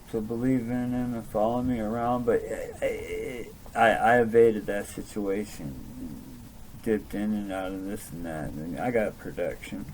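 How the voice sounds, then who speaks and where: A man's voice: medium pitch, a little mellow, a little hiss or hum, rough recording. A young man telling a rambling personal story in a casual monologue, with many restarts and swearing. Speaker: vlogger.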